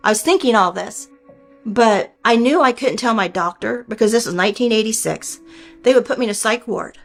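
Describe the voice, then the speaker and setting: A woman's voice: on the high side, a little fast, creaky, soft background music. Earnest older woman telling her story. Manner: earnest, plainspoken, folksy grammar. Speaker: storyteller recounting a near-death experience. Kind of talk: personal storytelling.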